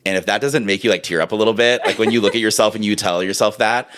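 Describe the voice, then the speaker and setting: Deep-voiced earnest male horn teacher. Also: fast, a bit bright, clean tone. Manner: rambling, earnest, heavy use of "like"; openly emotional. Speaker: horn teacher and podcast co-host. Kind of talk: casual podcast chat.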